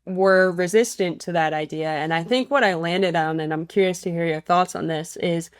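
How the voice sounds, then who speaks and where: A woman's voice: lowish voice, moderate pace, smooth, dry recording, clean studio sound. A woman hosting a podcast and teaching voice, asking questions in a thoughtful, chatty way. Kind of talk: casual podcast interview.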